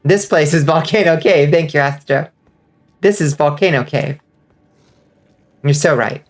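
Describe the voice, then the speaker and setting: A woman's voice: deep voice, unhurried, soft background music. Chatty woman streamer gaming live. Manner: chatty, rambling with many fillers, swings to excited outbursts. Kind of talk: casual livestream chat while gaming.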